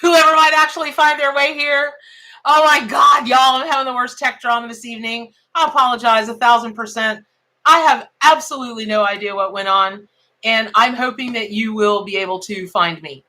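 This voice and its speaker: A woman's voice: fairly high pitch, sharp tone. A middle-aged woman, hosting a casual live-stream tarot reading in a chatty, exclamatory, folksy way.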